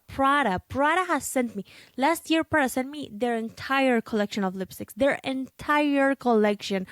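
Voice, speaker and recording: A woman's voice: on the high side, no echo. Young woman podcaster just chatting away, lots of like and okay, dead dry mic sound. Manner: talkative, full of fillers and asides like "okay?". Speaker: podcast host and content creator. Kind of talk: casual chatty podcast monologue.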